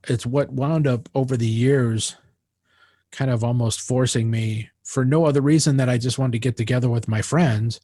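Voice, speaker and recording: A man guest in a casual interview, telling animated anecdotes and acting out the voices of people he quotes, with many restarts. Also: mid-range voice, no echo, clean studio sound. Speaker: interview guest, jazz musician.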